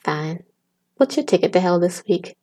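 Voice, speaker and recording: A young woman co-hosting a casual podcast chat, teasing and reacting quickly. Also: lowish voice, lively intonation, darkish tone. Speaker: podcast co-host.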